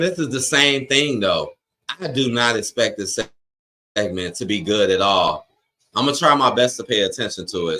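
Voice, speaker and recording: He hosts a live watch-along stream with a lowish voice that's pushed and bright. Chatting casually, he reads out viewer comments and fires off blunt, slangy, opinionated bursts aimed right at his chat.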